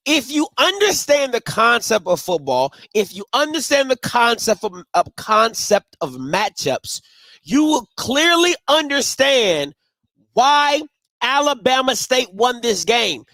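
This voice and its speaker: A man with a high voice hosts a live sports show from home. He trash-talks and teases, repeats his points, and stretches words out for emphasis. The sound is dry and close, with no room echo. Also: a bit bright. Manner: playful trash-talking, repeats himself, drawn-out emphasis. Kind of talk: casual live postgame commentary. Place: home, green screen behind him.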